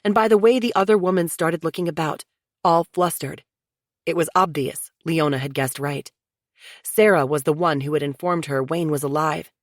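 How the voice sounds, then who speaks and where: Audiobook narrator, woman, lower voice, dry studio read. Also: normal speed, dry recording. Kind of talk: scripted narration.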